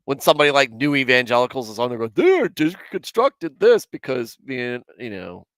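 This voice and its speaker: On his casual Bible commentary livestream, a candid man in his forties talks to live chat, self-deprecating as ever. The voice is mid-range, brisk, bright and forceful, with a clean, dry tone and no room sound.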